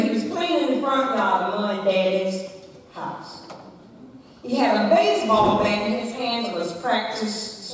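A woman's voice: medium pitch, slight background noise. A woman giving a women's day sermon in a church, preaching dramatically and emphatically and telling a family story. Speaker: church speaker. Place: church sanctuary. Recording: echoey church hall from far off.

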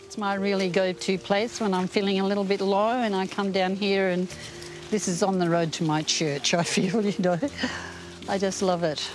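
Gentle, heartfelt older woman. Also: medium pitch, fairly even intonation, moderate pace, soft background music, rough recording. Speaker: interviewee. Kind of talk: casual conversation. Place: outdoors in a forest.

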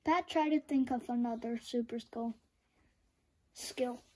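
High-voiced woman reading a picture book aloud. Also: measured pace. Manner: expressive, with sound effects. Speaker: storyteller. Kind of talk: children's book read-aloud.

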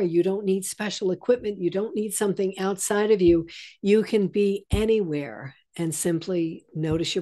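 A woman coach giving a chatty breathing lesson, turning soft and low when she guides the breaths. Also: normal speed. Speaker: stress-relief coach.

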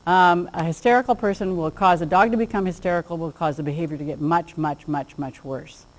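A woman's voice: lowish voice, a little fast, rough recording. A woman giving an informal lecture on dog behavior to a class, chatty, acting out little bits of dialogue and laughing at her own jokes.

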